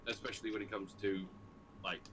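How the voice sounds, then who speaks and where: A man's voice: lowish voice, little pitch movement, fairly quick. A man playing a tabletop game who speaks hesitantly and stumbles over his words. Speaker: player. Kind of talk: casual tabletop game chat. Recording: noisy home recording.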